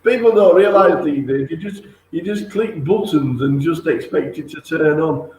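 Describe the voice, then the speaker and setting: A man hosting a casual interview, eager and quick to laugh. His voice is high for a man. The room has a clear echo. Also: a little mellow. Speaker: stream interviewer. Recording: echoey room.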